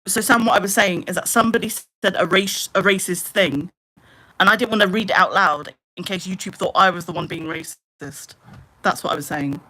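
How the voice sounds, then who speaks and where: Young female streamer, bright forceful voice, exasperated ranting, casual chat with viewers. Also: lowish voice, a little fast. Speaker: live streamer.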